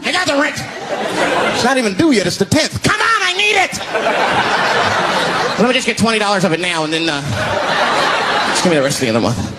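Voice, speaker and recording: A comedian voicing a desperate, pushy male landlord who rushes and pleads for rent money. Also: sits high, sing-song, voice pushed up. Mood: pleading. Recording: live stage with crowd noise.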